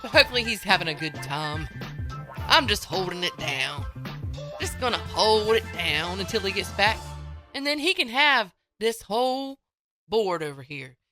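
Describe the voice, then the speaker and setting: A woman's voice: mid-range voice, sing-song, moderate pace, over music. A woman hosting a morning radio show, chatting casually and playfully into a studio microphone. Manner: chatty, playful, folksy, with frequent laughs.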